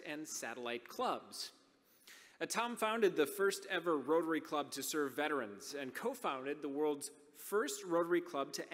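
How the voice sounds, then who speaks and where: A man's voice: a little high, a bit bright. A man acting as conference emcee, reading out an upbeat, prepared speaker introduction. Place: large conference hall. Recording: long reverb of a large hall.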